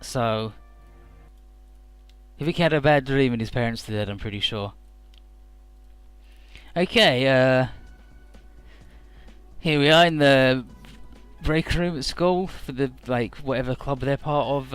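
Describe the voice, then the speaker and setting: A man's voice: medium pitch, takes it slowly, long pauses, fairly bright tone, clear, resonant tone, no room sound, faint music behind. A young man giving casual, rambling commentary over a story game, swearing freely. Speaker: let's player.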